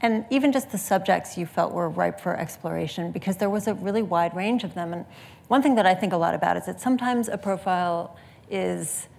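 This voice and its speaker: Creaky-voiced woman moderator. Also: lowish voice, a little mellow. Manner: thoughtful, measured questions. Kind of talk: interview questions on a panel.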